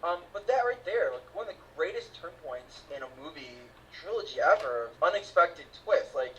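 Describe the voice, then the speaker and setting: A man's voice: on the high side, lively intonation, normal speed, few pauses, recorded from a distance, dull audio, crowd noise. A man hosting a casual movie review podcast, chatty and enthusiastic, often laughing. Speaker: podcast host.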